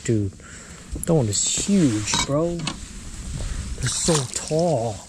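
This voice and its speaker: A man from the US Midwest hosts a casual fishing vlog outdoors, his voice sitting in a middle pitch. He talks in a slangy, exclamatory way straight to his viewers. There is clear background noise on the outdoor camera audio. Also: animated, very slow, pauses often. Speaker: fishing vlogger. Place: outdoors on the ice.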